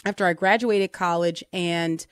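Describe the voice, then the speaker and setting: A woman's voice: lowish voice, steady tone, a little slow, smooth, dry recording, clean studio sound. Earnest woman co-hosting a faith podcast. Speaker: co-host. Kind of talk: casual faith podcast conversation.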